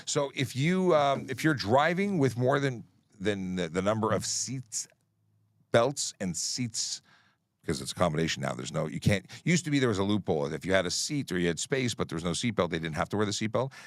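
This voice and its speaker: Brisk and very animated, a middle-aged man who is a traffic police officer answers questions on a livestream, reading comments as he firmly and plainly lays out traffic rules. His voice is lowish, and the sound is clean studio quality with no echo.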